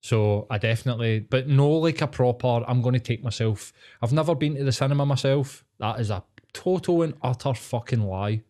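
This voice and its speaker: A man's voice: medium pitch, brisk, dark tone. A young man telling stories in casual, sweary podcast banter. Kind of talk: casual chat.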